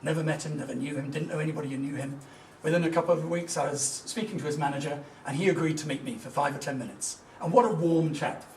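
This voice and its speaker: A middle-aged man gives a motivational business talk, telling anecdotes in an emphatic, earnest way with a slightly high voice, fast delivery, and few pauses. He sounds distant in an echoey room, with faint ambience and slight background noise.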